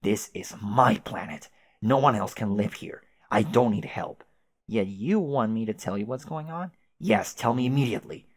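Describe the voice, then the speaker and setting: Guy doing a shouty bratty alien dude, low, insulting, super indignant. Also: normal speed, natural voice. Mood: angry, demanding. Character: bratty, hot-tempered young male alien demanding answers.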